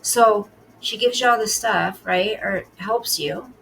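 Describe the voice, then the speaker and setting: A woman's voice: medium pitch, slow, gravelly, a bit bright, slight background noise, poor audio. A woman hosting a casual reaction commentary, talking bluntly and sarcastically as she scolds the person in the clip. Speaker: commentary host.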